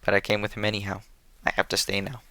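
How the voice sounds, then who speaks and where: A man reading the part of a young wife and mother who speaks in a soft, calm and resigned way. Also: on the low side, fast talker. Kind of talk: audiobook character reading.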